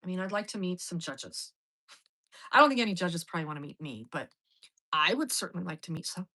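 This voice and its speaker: A woman's voice: lowish voice, expressive, fairly quick, sharp tone, rough recording. A middle-aged woman telling a story in a casual monologue, blunt and profane. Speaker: host.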